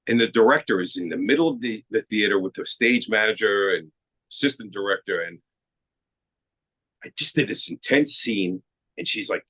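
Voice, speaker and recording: This Queens-born actor, middle-aged, tells stories on a podcast in a relaxed way, voicing each quoted line like a lively storyteller. His pitch sits fairly low, captured on a low-quality recording.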